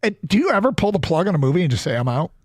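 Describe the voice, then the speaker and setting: A man's voice: high voice, big pitch swings, rapid-fire, no echo. A man co-hosting a radio show who chimes in with short, dry questions and quips. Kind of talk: casual sports radio banter.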